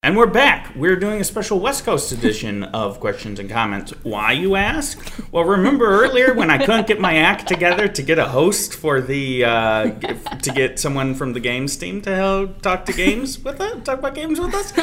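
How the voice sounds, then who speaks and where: A woman's voice: on the low side, very animated, normal speed, crowd noise. A woman hosting a podcast, chatting casually and teasing herself as she rambles. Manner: self-deprecating, rambling. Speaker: podcast host. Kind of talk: casual chat.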